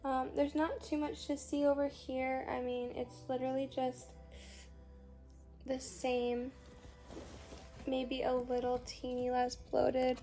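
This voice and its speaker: A young woman in her twenties, worn out and in pain after surgery, talking in a halting, rambling way with lots of fillers, casually vlogging from home. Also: high voice, flat delivery, warm tone, soft background music. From Chicago, USA. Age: 20s. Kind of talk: casual recovery vlog.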